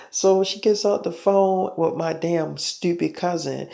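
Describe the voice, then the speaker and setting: A man tells a story in a rambling, profane way, leaning on fillers like um and like. His voice is gravelly, with plenty of vocal fry, and sits a bit higher than most men's. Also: a little slow, hardly any pauses, mellow. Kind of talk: casual storytelling.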